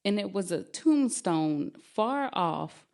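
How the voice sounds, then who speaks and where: A young adult woman telling a true spooky story on a podcast, lively and often laughing as she talks. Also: medium pitch, slow.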